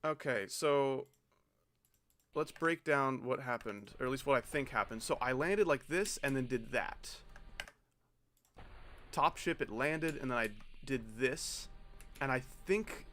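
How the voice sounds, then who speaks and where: A man's voice: medium pitch, animated, a little slow, long pauses, fairly bright tone, a little hiss or hum. A man streaming a game, talking in exasperated, incredulous bursts and swearing as he breaks down a failed attempt. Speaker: gaming streamer. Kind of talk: frustrated live gameplay commentary.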